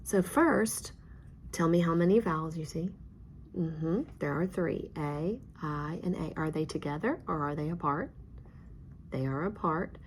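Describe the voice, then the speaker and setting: A woman's voice: low voice, a little slow, a little hiss or hum. A woman teacher guiding a student step by step through a reading lesson, patient and encouraging, sometimes dropping to a whisper.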